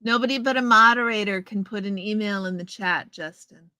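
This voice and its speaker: This woman hosts a laid-back livestream from her home in front of a green screen, addressing viewers by name as she answers their messages via a headset earpiece. Her mid-range voice is fairly quick, bright and forceful, with no echo but low recording quality.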